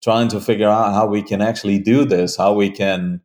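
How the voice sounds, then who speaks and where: A man being interviewed about his hunting show, speaking earnestly with frequent pauses and restarts. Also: lowish voice, fairly even intonation, darkish tone. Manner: earnest, halting, many fillers and restarts. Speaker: hunting show creator, guest. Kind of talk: conversational interview.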